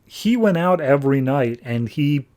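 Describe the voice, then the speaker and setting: A man's voice: fairly high pitch, lively intonation, a little slow, darkish tone, voice pushed up. A man voicing a friendly, casual young male hero in a slangy paraphrase while retelling a comic. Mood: earnest. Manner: laid-back paraphrase, slangy.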